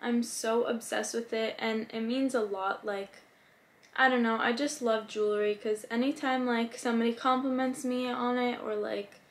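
A woman's voice: a little high, fairly even intonation, normal speed. A woman in her twenties, talking casually and gushing about her birthday gifts, with many "likes" and "ums". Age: 20s. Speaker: vlogger. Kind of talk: casual haul vlog.

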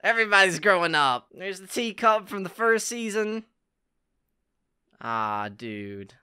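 A man's voice: high-pitched, sing-song, a little slow, sharp tone, clean tone. A man reacting to an anime finale in casual, emotional commentary, exclaiming and laughing often. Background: anime soundtrack playing faintly.

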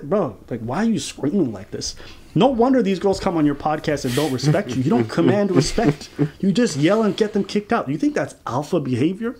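Fairly high-voiced man ranting crudely. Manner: blunt, crude and mocking, laughs often. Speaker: reaction channel host. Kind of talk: casual reaction commentary.

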